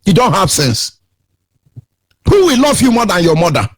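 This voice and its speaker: A man's voice: sits high, sing-song, normal speed, slightly rough. A middle-aged man with a Nigerian accent hosting a radio show, delivering emphatic, sermon-like commentary with sing-song rises.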